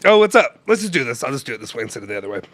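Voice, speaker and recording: Young man hosting a casual, lively stream. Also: medium pitch, racing, no room sound. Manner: loose, joking, rambling with restarts. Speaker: show host. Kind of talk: casual live-stream chat.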